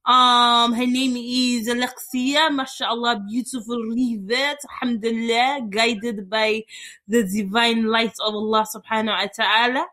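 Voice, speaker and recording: A woman's voice: on the high side, fairly even intonation, measured pace, pushed and bright. Bubbly young woman hosting. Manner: bubbly, teasing, jokey. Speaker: podcast host. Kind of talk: casual podcast chat.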